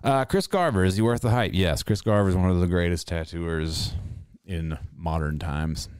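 A man's voice: low voice, moderate pace, darkish tone, clear, resonant tone, dry recording, studio quality. A man in his forties telling rambling, profane stories in casual chat. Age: 40s. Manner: profane, rambling storytelling with laughs.

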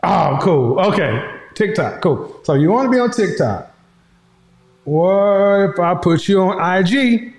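A man talks slowly and playfully, teasing, mocking and laughing between lines. His voice sits high and swings widely. The room around him is echoey. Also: lively intonation. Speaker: host. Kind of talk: casual commentary.

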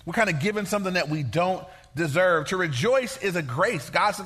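A man preaching a sermon as pastor, in a lively, folksy, conversational way. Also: high-pitched, brisk, few pauses, slightly rough.

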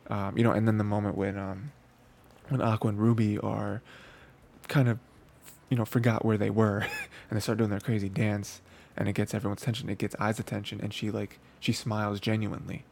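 A man's voice: lowish voice, little pitch movement, a little fast, vocal fry, darkish tone, a little hiss or hum. A man hosting an anime review show, talking casually with lots of fillers and restarts. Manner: rambling, filler-heavy, frequent restarts.

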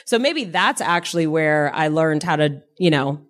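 A woman's voice: sits low, lively intonation, moderate pace. A woman co-hosting a podcast, chatting casually and laughing easily. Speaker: podcast co-host. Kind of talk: casual conversation.

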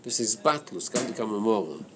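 A man leading a study class on a Chassidic text, thinking aloud in a hesitant, halting way that repeats words. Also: lowish voice, lively intonation, noisy background. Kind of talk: Torah study class discussion.

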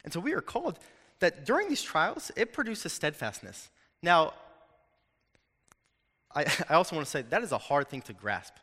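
A young male preacher talks to his congregation in a loose, animated way and throws in jokes. His voice is bright and forceful. A long reverb trails off each line, as in a large hall. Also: fairly high pitch, normal speed, pauses often, husky. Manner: animated, conversational, jokes with the audience. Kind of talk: sermon. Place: hall with an audience.

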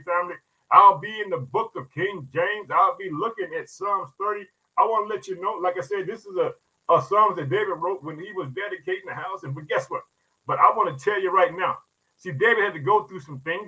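A man's voice: sits high, bright, forceful tone, slightly rough, poor audio. A man preaching a podcast sermon with fervent, folksy energy. He keeps calling his listeners "family" and repeats his points. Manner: casual, folksy speech.

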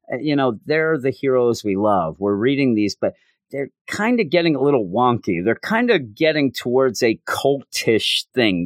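Reviewing a comic on his podcast, this man wanders and cuts himself off mid-thought in a casual way. The studio-quality recording has no echo, and his voice is mid-range.

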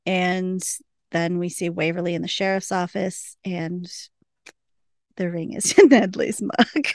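Chatty woman with a gravelly edge. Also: lowish voice, a little slow, dry recording, clean studio sound. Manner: animated, laughs often, acts out lines. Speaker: podcast host recapping a TV episode. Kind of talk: casual chat.

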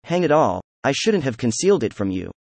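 A man's voice: medium pitch, big pitch swings, a little fast, darkish tone, dry recording. A man voicing a proud, hot-tempered young man who speaks in gloomy, defiant outbursts. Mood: exasperated.

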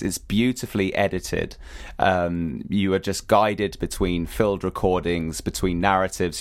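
A man co-hosting a podcast in casual chat, hoarse from singing, talking enthusiastically with little giggles. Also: fairly low pitch, dry recording, clean studio sound. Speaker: podcast co-host.

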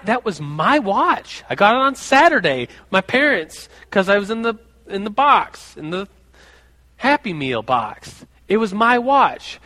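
A man preaching a sermon, telling a personal story in a lively, animated way and acting out the voices of the people in it. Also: high voice. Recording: long hall reverb.

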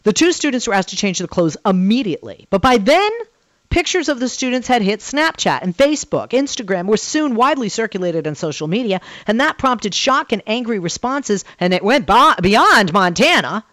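A woman's voice: fairly high pitch, big pitch swings, moderate pace, a bit bright, no room sound. A woman from the American South hosting a call-in radio talk show, emphatic and prone to repeating herself. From Southern United States.

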